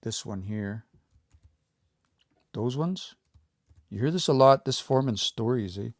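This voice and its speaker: A man giving a casual live-streamed language lesson, explaining step by step and repeating words slowly, with relaxed, informal phrasing. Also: mid-range voice, no room sound, studio quality. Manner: relaxed, informal, says y'all and eh. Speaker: language teacher.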